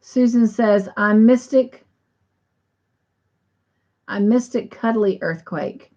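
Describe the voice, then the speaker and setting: A woman's voice: mid-range voice, slow pace, warm tone. A woman hosting a casual livestream, reading viewer comments aloud and leading a short prayer. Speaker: livestream host. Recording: dull lo-fi stream audio.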